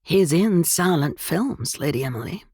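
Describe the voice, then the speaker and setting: A woman voicing a mild, weary American man with a grave, measured manner in an audiobook. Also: deep voice, expressive, darkish tone, slightly rough, no room sound, clean studio sound, heavily acted. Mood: grave, wry.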